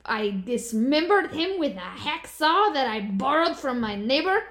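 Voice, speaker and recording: Woman doing a gruff russian killer lady, flat diary voice, kinda high. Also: unhurried, full character voice. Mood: deadpan.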